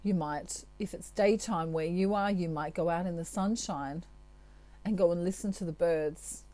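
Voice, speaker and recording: A woman, a tarot reader, giving spiritual advice to her viewers in a chatty, gentle way with asides. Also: lowish voice, normal speed.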